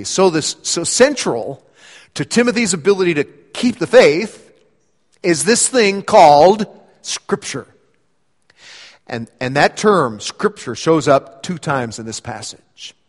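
A man preaching a sermon as a pastor, explaining scripture with animated emphasis and voicing quoted lines with rising energy. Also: on the high side, takes it slowly, pauses often, in a large hall.

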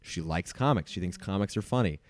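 A man's voice: low-pitched, brisk. A man, a stand-up comedian, telling a story in casual podcast chat and acting out the people in it. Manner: animated storytelling, acts out quotes.

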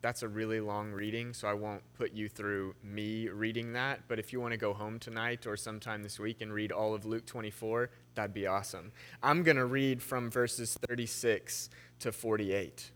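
A man's voice: on the low side, steady tone, normal speed, hardly any pauses, fairly bright tone. A young man preaching in a church sanctuary, reading scripture with shifting emphasis and then telling a story in a conversational way. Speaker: pastor. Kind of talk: sermon.

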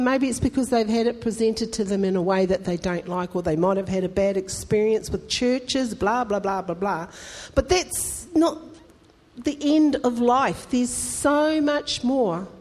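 A woman's voice: fairly high pitch, moderate pace, a little mellow. A woman pastor, preaching a conversational, emphatic sermon that rises into fervent appeals to the congregation. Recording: long hall reverb.

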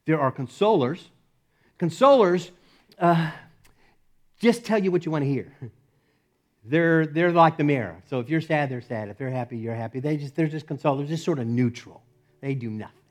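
A man preaching a sermon in a conversational, animated way, swinging between loud peaks and hushed asides. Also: medium pitch. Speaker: pastor.

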